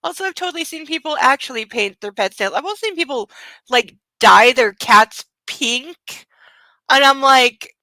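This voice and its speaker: A bright, fairly high-voiced young woman hosting a book club, talking casually with sarcastic asides and lots of fillers. Her voice is close and dry. She reads passages aloud and then mocks them. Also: lively intonation, moderate pace, no echo, rough recording. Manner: chatty, mocking asides, many fillers. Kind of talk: sarcastic reading commentary.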